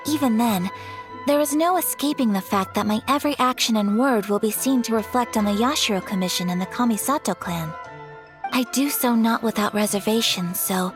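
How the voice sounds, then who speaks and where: An actress playing a poised, formal noblewoman in a video game, speaking in a measured, courteous way. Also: a little high, lightly acted. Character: poised noblewoman, eldest daughter of a clan.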